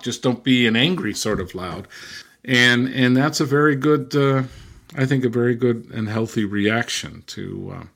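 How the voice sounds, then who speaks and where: An older man recounts stories in a casual interview. He rambles, circles back and restarts his sentences, at an ordinary middle pitch. His pace stays easygoing and conversational. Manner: relaxed, rambling, with frequent restarts and fillers. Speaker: linguist and former missionary.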